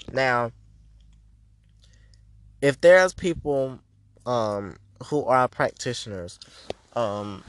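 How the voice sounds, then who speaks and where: A man rants straight into the mic, blunt and heavy on the profanity, in a dry, close-sounding recording. His pitch sits in an ordinary middle range for a man, and he hammers each point home as a spiritual reader talking to his listeners. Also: a bit bright, no room sound. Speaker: spiritual reader and podcast host. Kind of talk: ranting podcast monologue.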